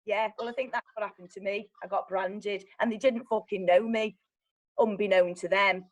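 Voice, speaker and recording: A young woman, telling her own story as a guest in a blunt, animated way, swearing often. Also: mid-range voice, normal speed, rough recording. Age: young adult. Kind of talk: candid personal storytelling.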